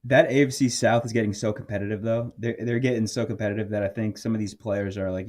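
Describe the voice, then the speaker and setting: A man with a fairly low voice talks through football matchups in a casual, rambling way. He wisecracks and corrects himself as he goes, in loose podcast chat. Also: fairly even intonation, quick pace, hardly any pauses, a little mellow. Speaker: podcast co-host.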